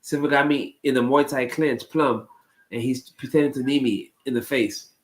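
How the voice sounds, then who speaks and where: A man's voice: medium pitch, steady tone, normal speed, low-quality recording. A man casually telling a long story to his live chat, rambling and repeating phrases, with plenty of ums. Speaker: streamer talking to chat.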